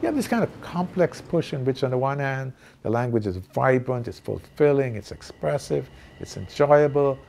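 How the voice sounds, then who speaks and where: A man speaking in a measured, analytical way in an interview. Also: mid-range voice, animated, creaky, a little mellow, slight background noise.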